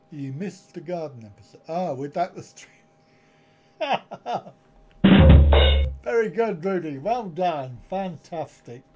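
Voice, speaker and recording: A man's voice: a little high, animated, unhurried, long pauses, lo-fi sound, music in the background. A middle-aged man, hosting a casual live stream with jokey, chuckling banter from home. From United Kingdom.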